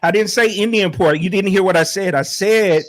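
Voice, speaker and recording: A man on a debate call, who talks loudly and emotionally and defends what he said. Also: high-pitched, moderate pace, no echo. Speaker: caller. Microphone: online group call.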